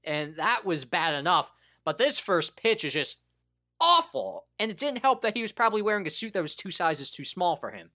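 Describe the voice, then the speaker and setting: Male podcast co-host, casual sports banter, animated, laughs a lot. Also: high-pitched, a little fast.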